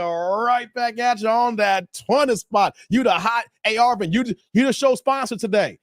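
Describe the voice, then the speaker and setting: A man's voice: sits high, normal speed, few pauses, no echo. A man hosting a live stream, laughing and bantering with his chat.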